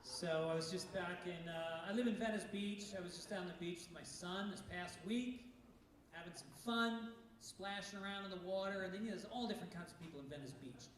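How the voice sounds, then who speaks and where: A middle-aged man doing a live stand-up set at a comedy club. He has a punchy, brash delivery with bursts of shouting. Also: high-pitched, fairly quick. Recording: very echoey room, distant mic, noisy.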